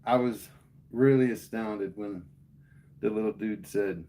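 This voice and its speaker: A man's voice: lowish voice, unhurried, mellow. A man livestreaming, telling a heated, profane story to his chat in casual speech. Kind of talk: casual rant to live chat.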